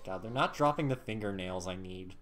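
A man's voice: low voice, expressive, brisk, a bit bright, a little hiss or hum. A man in casual gaming banter with a friend, joking and defensive, laughing often. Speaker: gamer co-streaming.

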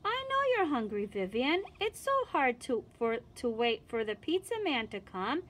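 A gentle, patient storybook mother calms her hungry little girl, read aloud by a woman. Her voice is high and full of lively rises and falls. She sounds soft and reassuring throughout. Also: moderate pace. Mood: soothing.

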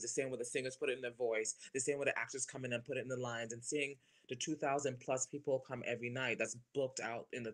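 A man in his thirties, a stage performer, gushing in a casual interview and laughing often. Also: medium pitch. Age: 30s. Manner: animated, gushing, quick to laugh.

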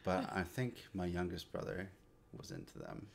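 Young man, low voice, wry casual co-host, faint room hiss. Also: huge pitch swings, moderate pace, gravelly. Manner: wry, joking, stumbles and repeats words. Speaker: streamer, co-host with his wife. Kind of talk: casual reaction chat.

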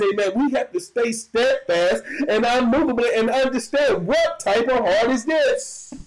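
A man's voice: high-pitched, low-quality recording. A man preaching a church sermon, calling out to the congregation in call-and-response. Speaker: pastor.

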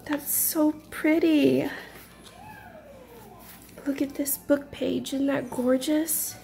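A woman's voice: sits high, fairly even intonation, drawn-out words, vocal fry, warm tone. A woman, gushing as she unboxes crafts in a casual home vlog. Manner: effusive, gushing. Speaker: craft vlogger.

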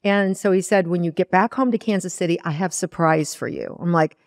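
A woman's voice: on the low side, fairly quick, no room sound, clean studio sound. A woman, a spiritual teacher, earnestly telling a personal story in a podcast interview and acting out her own past words. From Iowa. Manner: earnest, animated retelling with quoted inner dialogue.

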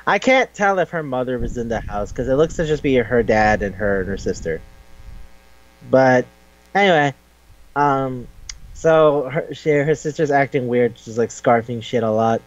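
A man's voice: medium pitch, animated, moderate pace. Casual rambling man on lo-fi audio. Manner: rambling, lots of "like" and swearing, brief quoted voices. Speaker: podcast co-host. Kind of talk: casual chat, retelling a manga plot. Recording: dull lo-fi sound.

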